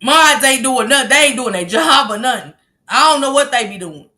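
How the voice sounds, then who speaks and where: A woman's voice: sits high, lively intonation, brisk, bright, forceful tone. A woman hosting a casual livestream, reading the chat aloud and bluntly scolding commenters. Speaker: livestream host.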